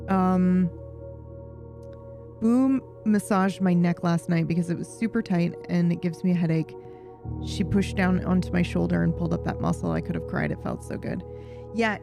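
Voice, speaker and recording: A woman streamer chatting casually with her viewers, telling a rambling, animated story full of swearing. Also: on the low side, moderate pace, gravelly, over music. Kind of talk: casual chat with viewers while gaming.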